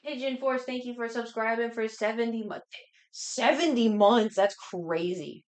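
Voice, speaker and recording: A woman livestreamer telling a rambling, animated story to her chat, talking so fast she has to stop and catch her breath. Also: fairly high pitch. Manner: rambling, animated anecdote with many restarts.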